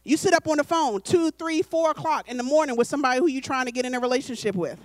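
A woman preacher delivering a calm, conversational sermon, slowing down for emphasis. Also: high voice, no room sound. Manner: conversational, deliberate, slows for emphasis.

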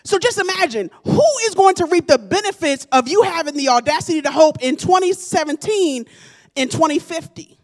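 Woman pastor, high-pitched, preaching a sermon and building to shouts. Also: lively intonation, normal speed. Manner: preaching with call-and-response, rising to shouts.

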